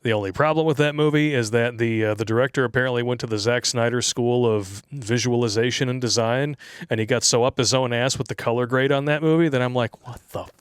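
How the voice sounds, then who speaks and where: A male show host riffing in casual political commentary, brash, sarcastic and profane. His pitch sits in the middle of the range, and the sound is dry and close. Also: steady tone, fast, clean tone, no echo.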